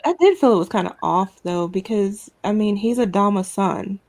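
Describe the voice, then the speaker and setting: A woman chats on a podcast panel, raising thoughtful questions. Her voice sits at an ordinary middle pitch for a woman. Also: normal speed, darkish tone. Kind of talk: casual panel chat.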